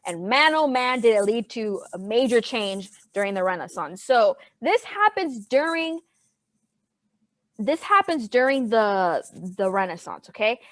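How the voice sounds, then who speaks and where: A woman teacher lectures to her class over a video call with a chatty, animated delivery. Her voice sits a little high. The sound is dry and close, with no room around it. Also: a little slow, dry recording. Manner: chatty, animated and playful with students. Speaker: history teacher.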